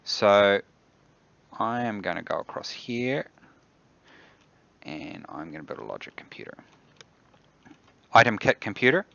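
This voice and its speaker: A man with a New Zealand accent gives unhurried commentary on a live dev stream, muttering and thinking aloud as he works. His low voice is gravelly, and the sound is dry and a little dull and lo-fi. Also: lively intonation, pushed and bright, no room sound. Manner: mutters to himself, thinks aloud while building. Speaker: game developer hosting a dev stream. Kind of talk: casual livestream commentary while demoing a game. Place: office.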